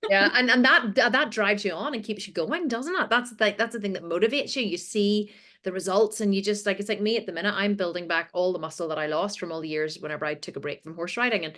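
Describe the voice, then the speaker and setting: A woman hosting a group video call, bubbly and excitable, chatting and cheering her guests on. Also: medium pitch, quick pace. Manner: bubbly, excitable, acts out quotes loudly. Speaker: host.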